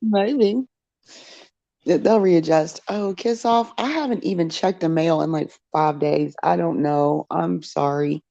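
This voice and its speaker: Gravelly voice, chatty, easy laughter, lo-fi call sound. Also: mid-range voice, a little slow, mellow, no echo. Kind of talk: casual chat.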